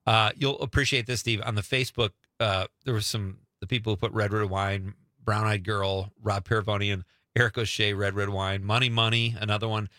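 A man's voice: on the low side, fairly even intonation, fairly quick, few pauses, sharp tone, dry recording, studio quality. A middle-aged man hosting a show, chatting casually and laughing easily with his guest. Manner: easygoing, laughs often. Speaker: radio show host. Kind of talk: casual chat.

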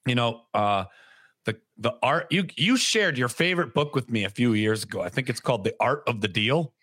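A man's voice: mid-range voice, lively intonation, brisk, a bit bright, husky, no room sound, clean studio sound. Sarcastic rambling male podcast co-host. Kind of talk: casual chat.

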